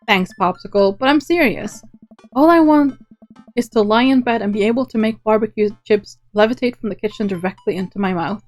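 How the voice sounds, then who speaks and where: A woman's voice: a little high, brisk, lightly acted. Woman voicing a sardonic teen daughter in a game, light and dry, faint music behind. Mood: deadpan. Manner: dry, deadpan teasing. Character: wry teenage girl, deadpan daughter.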